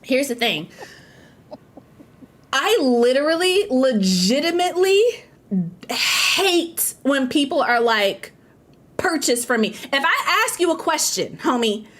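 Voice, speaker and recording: A woman with a high-pitched voice co-hosts a casual podcast chat. She rants outspokenly, full of slang and rising emphasis, and keeps the viewers in the loop about upcoming segments. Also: slow. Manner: animated, outspoken ranting with slang. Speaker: podcast co-host.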